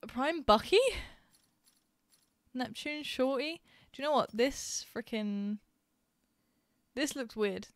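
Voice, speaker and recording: A young Englishwoman chats casually while streaming a game, telling stories full of giggles and fillers. Her voice sits high, and she speaks slowly with frequent pauses.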